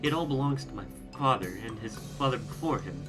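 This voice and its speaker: A man's voice: medium pitch, animated, natural voice. A man voicing a creepy, grinning, hunched innkeeper who stresses words oddly, with game music underneath. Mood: creepy cheerful. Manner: slow, oddly emphasized words.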